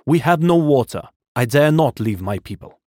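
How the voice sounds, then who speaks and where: A man reading a storybook voices the narrator's brother, a steady young man answering firmly and guardedly. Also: mid-range voice, moderate pace, no room sound, clean studio sound, pitched above the performer's own voice, close to an everyday voice.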